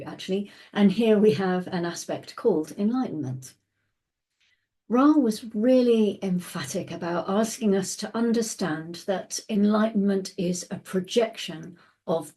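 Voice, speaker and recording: A woman gives a daily astrology talk in a calm, unhurried way. Her voice sits a little low and sounds mellow and warm. She drops into soft asides as she explains. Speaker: astrology podcast host.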